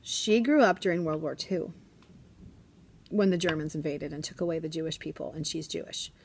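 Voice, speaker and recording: Chatty forties teacher woman, fairly low voice, slips into hushed asides, faint hiss behind. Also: steady tone, moderate pace, gravelly. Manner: chatty, often drops to a hushed whisper. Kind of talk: casual classroom vlog chat. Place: classroom.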